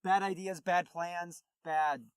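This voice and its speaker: A man's voice: sits high, steady tone, slow pace, smooth, no room sound, clean studio sound. A man co-hosting a podcast, recapping a movie in a rambling, casual way with many fillers and restarts. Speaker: podcast co-host.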